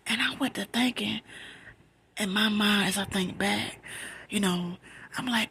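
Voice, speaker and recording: A middle-aged woman shares a true story in a soft whispered storytelling style, her voice almost all breath with a bright, tense edge. She talks emphatically and conversationally, repeating words to drive a point home. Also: mid-range voice, measured pace, creaky, husky.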